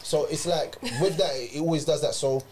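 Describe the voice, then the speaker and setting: A young man in casual group chat, quick and expressive, acting out what others say. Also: fairly high pitch, a loud crowd. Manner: quick and expressive, acts out quoted voices.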